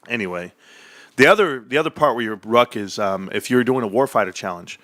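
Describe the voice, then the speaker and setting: A man hosting a casual livestream chat from his home desk, animated, swearing and laughing often. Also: medium pitch, brisk. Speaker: livestream host.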